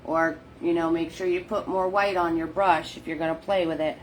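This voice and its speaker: A woman's voice: lowish voice, steady tone, moderate pace, a little hiss or hum. A middle-aged woman hosting a live painting class, chatting casually, laughing often and greeting viewers by name.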